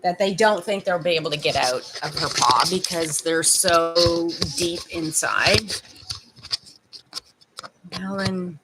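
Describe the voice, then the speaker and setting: A woman's voice: on the low side, slow, long pauses, loud music behind the voice. A Canadian woman casually chatting with viewers on a livestream at home, laughing and fussing over her dog. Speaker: livestream host.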